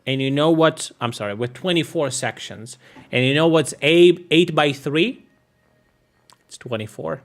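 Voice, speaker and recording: A man from Ukraine streaming live, chatting casually with viewers, cracking jokes, swearing and laughing at himself. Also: medium pitch. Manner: joking, swearing, laughing at his own jokes. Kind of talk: casual live-stream chat reacting to clips.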